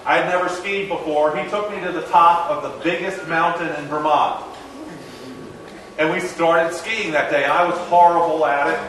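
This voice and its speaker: A man's voice: a little high, normal speed, a little hiss or hum. Echoey distant man telling a story. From American South. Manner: animated storyteller acting out dialogue. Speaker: motivational speaker. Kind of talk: storytelling keynote talk. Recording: echoey hall, distant mic.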